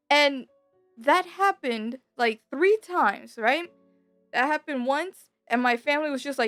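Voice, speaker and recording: A woman's voice: a little high, moderate pace, no room sound. A young adult woman telling a personal story in a casual, rambling way, full of slang and filler words. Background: soft background music.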